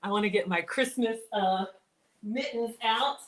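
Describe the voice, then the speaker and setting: A woman's voice: on the high side, measured pace. A woman chatting casually while hosting a live cooking stream, reading viewer comments aloud and laughing often. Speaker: livestream cooking host.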